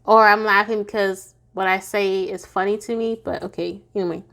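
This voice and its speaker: A woman's voice: medium pitch, fairly even intonation, normal speed, creaky, fairly bright tone. A woman giving a casual tarot reading to her viewers, chatty and goofy, laughing often and sounding tired. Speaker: tarot reader.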